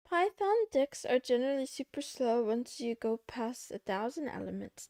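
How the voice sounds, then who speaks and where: A young woman livestreams from her desk and talks playfully with her chat as she codes. Her voice sits a little high with a gravelly fry, and she speaks slowly. The sound is close and dry. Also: lively intonation, a little mellow, no room sound. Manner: playful, talks to chat while working, giggly. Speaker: VTuber streamer. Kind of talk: casual coding livestream chat.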